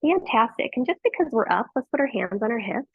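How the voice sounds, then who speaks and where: A woman teaching a yoga class, giving gentle and encouraging cues with frequent praise, on tinny phone-like audio. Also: on the high side, very animated, a little fast, slightly rough, no echo. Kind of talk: guiding a live yoga class.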